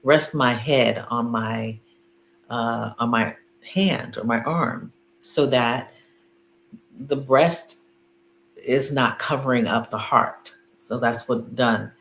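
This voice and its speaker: Chatting casually over a video call, a middle-aged woman shares a story packed with fillers and laughs. Her bass voice is gravelly and she takes her time. The room echoes and carries a faint hum.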